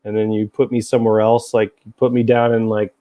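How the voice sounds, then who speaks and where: A man's voice: fairly low pitch, little pitch movement, brisk, warm tone. A middle-aged man from Tennessee hosting a casual livestream chat over a video call, chatty and easygoing, laughing often. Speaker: host.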